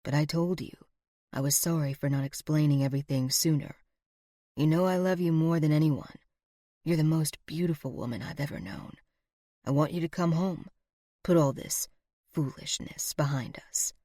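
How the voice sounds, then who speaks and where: A woman voicing a manipulative, smooth-talking villainous man in low, soft, menacing tones. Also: steady tone, moderate pace, no echo, studio quality. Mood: coaxing.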